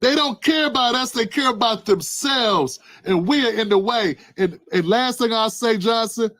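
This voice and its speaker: His voice is very high and a touch bright, delivered at a moderate pace. The man hosts his own channel and offers impassioned political commentary packed with repeated rhetorical questions, addressing a listener by name.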